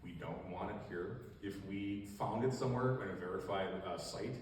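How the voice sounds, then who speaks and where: A man's voice: low-pitched, fairly even intonation, moderate pace, a little mellow. A man giving a casual, joking educational talk about invasive species, full of fillers and asides, to a live audience. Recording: echoey hall, distant mic, faint room noise.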